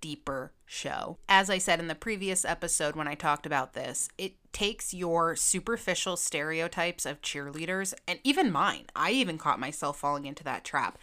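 Low-voiced, sharp-toned woman vlogger. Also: normal speed, hardly any pauses. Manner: animated, profane, emphatic ranting. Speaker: video host. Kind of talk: casual ranking vlog.

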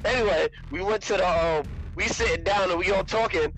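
A man's voice: sits high, fairly quick, low-quality recording. A man co-hosting a casual chat, telling stories animatedly and laughing often. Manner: animated storytelling with frequent laughs. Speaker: podcast co-host.

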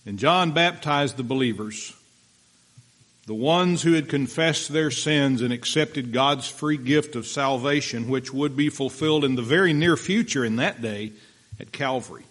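Slow, deliberate male preacher. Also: mid-range voice, fairly bright tone. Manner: slow, deliberate delivery with pauses for notes. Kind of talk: sermon reading scripture.

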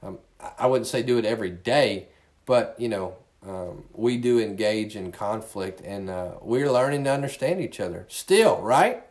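A man's voice: lowish voice, lively intonation, moderate pace, darkish tone. A male pastor giving a conversational sermon, earnest and often repeating words as he restarts his sentences.

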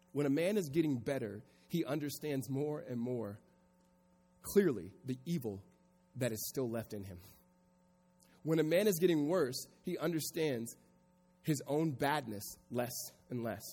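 A pastor preaching a sermon to a congregation, moving from quiet reflection to raised, emphatic delivery. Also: male voice, mid-range voice, expressive, measured pace, slightly rough, in a large hall, soft background music. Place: church sanctuary before a congregation.

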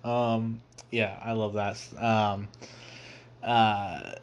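A man's voice: fairly low pitch, fairly even intonation. A young man hosting a movie review show, rambling casually with many fillers and restarts, laughing as he quotes scenes. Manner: laughs easily, quotes scenes in quick put-on voices.

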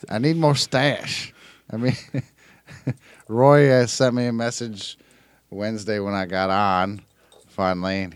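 A slow, unhurried man tells a gaming story to his friends, chuckling as he goes and swearing casually. The sound is dry and close, with no room around it. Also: fairly low pitch, level tone, smooth, dry recording. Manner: laughing storyteller, swears a lot. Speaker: podcast co-host.

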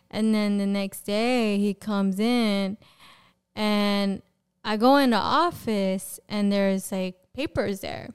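A young adult woman, a podcast guest, giving a personal testimony in a lively conversational way and acting out the words of people in her story. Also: mid-range voice, slow, clean tone. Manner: animated storyteller who acts out quoted dialogue and fills with "like".

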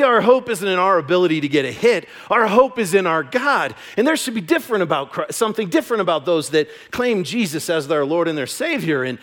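A man pastor giving a sermon, moving between loud, emphatic declarations and soft, hushed reading. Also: sits high.

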